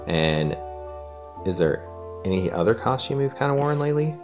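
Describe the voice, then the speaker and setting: A woman's voice: extremely low pitch, big pitch swings, moderate pace, dull audio, music in the background. A woman hosting a children's story show, reading a picture book aloud in a playful, coaxing way. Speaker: host and story reader.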